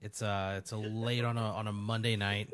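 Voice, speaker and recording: A man hosting a podcast, telling an absurd story in a rambling, deadpan way with many fillers. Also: on the low side, normal speed. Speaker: podcast host. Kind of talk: casual comedic storytelling.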